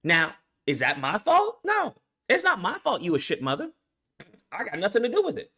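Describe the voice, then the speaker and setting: A man's voice: high voice, huge pitch swings, moderate pace, sharp tone, breathy edge. A man vlogger ranting bluntly and profanely in a commentary video, full of rhetorical questions.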